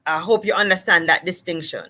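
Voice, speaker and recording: A woman from Jamaica with a Jamaican accent, a speech-language pathologist explaining things in a casual, animated way and acting out examples. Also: on the low side, brisk. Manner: animated, acts out examples in different voices.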